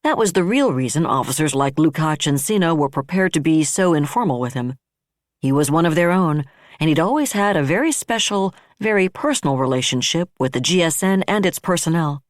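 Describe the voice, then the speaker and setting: An audiobook narrator giving steady, even scripted narration. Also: medium pitch, a little fast, no echo, studio quality.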